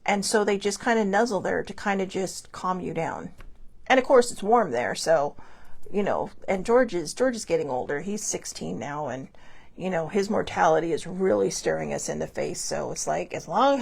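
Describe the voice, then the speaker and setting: A woman hosting her own show, talking casually and emotionally about losing a pet, halting and restarting often. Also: on the low side, animated, vocal fry, breathy edge. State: tearful, grieving. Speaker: host. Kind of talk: casual personal talk.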